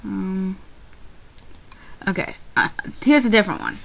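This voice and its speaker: A young woman commenting on her own gameplay, excitable and quick to yelp and shriek when things go wrong. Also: medium pitch, creaky, slight background noise. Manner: excitable, yelps and shrieks at failures. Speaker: gaming YouTuber.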